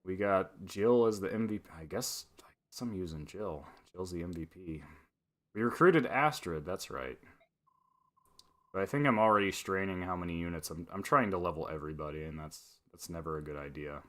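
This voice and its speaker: A man's voice: low voice, moderate pace. Man muttering game commentary. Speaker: let's player. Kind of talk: casual gameplay commentary.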